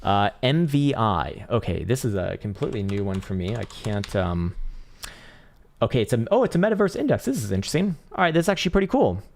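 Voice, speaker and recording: A man's voice: lowish voice, big pitch swings, brisk, creaky, a little mellow, slight background noise. A man hosting a casual crypto chart livestream, rambling and profane with lots of fillers, his voice strained and tired. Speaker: crypto trading livestream host.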